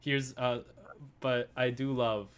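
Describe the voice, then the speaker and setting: A man co-hosting a casual review chat, rambling with many restarts and rising into excited rants. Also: medium pitch, takes it slowly, clear, resonant tone. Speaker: podcast co-host.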